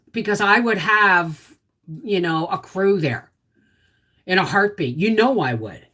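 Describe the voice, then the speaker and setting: A woman's voice: mid-range voice, a bit bright. A middle-aged woman hosting a casual livestream, greeting viewers and answering their comments in a chatty, sympathetic way.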